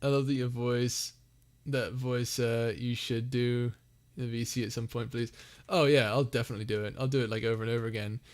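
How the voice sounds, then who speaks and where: A man's voice: medium pitch, little pitch movement, fairly quick. A young man hosting a casual live Q&A, reading chat messages aloud and laughing often. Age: young adult. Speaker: livestream host.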